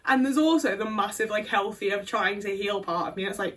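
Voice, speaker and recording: A woman's voice: mid-range voice, brisk, few pauses, fairly bright tone, far from the mic. A woman telling a candid personal story, blunt and sweary. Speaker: video creator.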